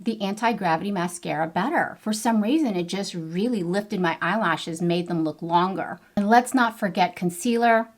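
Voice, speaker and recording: A middle-aged woman vlogging a chatty makeup review to camera, bubbly and playful with frequent exclamations. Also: medium pitch. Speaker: beauty vlogger.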